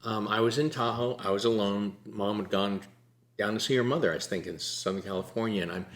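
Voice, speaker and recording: An older man sharing a personal faith story in a relaxed, earnest conversation, sometimes laughing as he tells it. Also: lowish voice, fairly quick. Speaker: guest sharing testimony. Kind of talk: conversational testimony.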